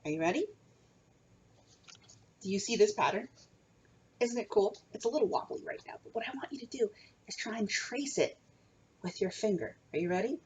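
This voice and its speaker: A woman's voice: medium pitch, animated, normal speed, pauses often, darkish tone. A young woman teaching a remote kindergarten music lesson from home, coaxing small children with a sing-song manner.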